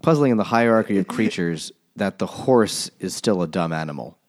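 A man with a notably low voice trades dry, deadpan remarks on a casual book-club podcast. He muses aloud and swears offhandedly. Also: moderate pace. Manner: wry, deadpan asides, swearing. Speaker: podcast co-host.

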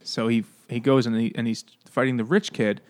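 A man's voice: medium pitch, steady tone, fairly quick, darkish tone. A man co-hosting a casual book-club podcast, laughing often and acting out quotes in a raised voice. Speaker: podcast co-host.

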